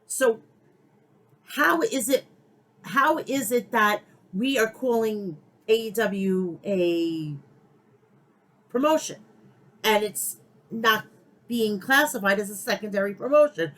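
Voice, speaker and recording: Taking her time and pausing frequently, a middle-aged podcast host with a mid-range, fairly bright voice vents her wrestling opinions in a blunt, heated, heavily profane rant. The audio is poor.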